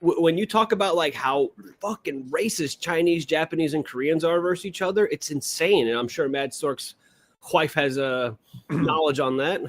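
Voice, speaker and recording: A man's voice: a little high, normal speed. A young man cohosting a livestream, talking in a crude, joking, rambling way. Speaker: co-host. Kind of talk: casual livestream banter.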